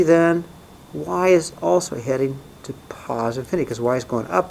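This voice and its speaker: A man's voice: medium pitch, moderate pace, creaky, darkish tone, a little hiss or hum, rough recording. A man teaching a recorded math lesson in a casual way, often checking in with "right?" and "okay?".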